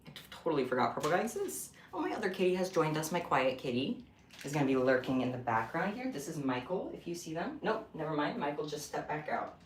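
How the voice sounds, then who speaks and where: A young man chatting casually on a home craft livestream, expressive and rambling. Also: fairly high pitch, fast, background noise. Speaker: craft streamer. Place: room at home. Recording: echoey room.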